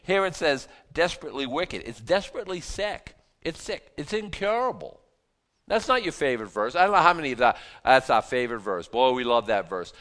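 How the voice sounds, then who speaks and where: Male Bible teacher, sermon, animated and chatty, lively rising and falling pitch, mid voice. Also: brisk. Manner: animated, conversational, repeats words as he talks.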